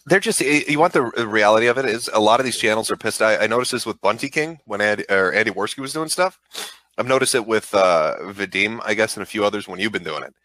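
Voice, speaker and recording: A man's voice: lowish voice, quick pace, sharp tone, no echo. A man casually chatting on a call, giving frank, profanity-laden advice in a rambling way. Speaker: online show host.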